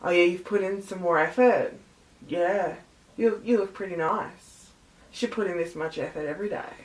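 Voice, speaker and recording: A woman's voice: fairly low pitch, normal speed, natural voice. A woman reenacting, in a mocking tone, a pushy man making unwanted advances. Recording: roomy echo.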